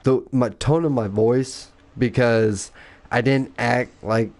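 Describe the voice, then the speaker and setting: A man's voice: mid-range voice, steady tone, slow, darkish tone. A man hosting a casual podcast, telling a gaming story with lots of swearing and mocking quoted voices. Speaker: podcast host and clan recruiter.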